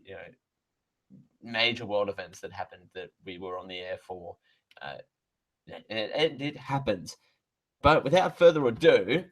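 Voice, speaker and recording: A man's voice: low-pitched, sharp tone, poor audio. A man hosting a live radio show from a studio mic, rambling and correcting himself with sarcastic asides. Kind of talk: live radio talk, reading mail aloud. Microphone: close studio microphone.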